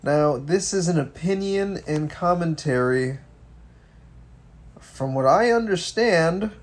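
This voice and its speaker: A man co-hosting a casual political commentary podcast, animated and swearing, with many stumbling restarts. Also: fairly high pitch, takes it slowly. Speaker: podcast co-host.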